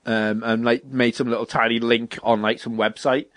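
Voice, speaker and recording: A man in a loose gaming chat, animated and quick to swear, acting out bits of dialogue as he tells stories. His voice sits at an ordinary pitch and the sound is close and dry, with no room around it. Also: no echo. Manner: animated, swears freely, acts out quotes.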